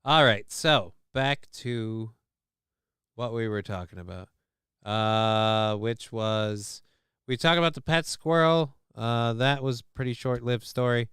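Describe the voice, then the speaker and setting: A man's voice: medium pitch, takes it slowly, a bit bright, clear, resonant tone, no echo, clean studio sound. A man hosting a livestream show, chatting casually with a profane, sarcastic, rambling manner.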